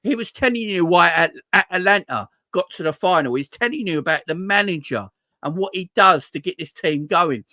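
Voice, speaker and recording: Hosting a football fan channel, this man rants casually in a high-sitting, expressive voice that is bright and forceful, at a moderate pace in a dry recording. When frustrated he gets exasperated, swears, stumbles over words and says things twice.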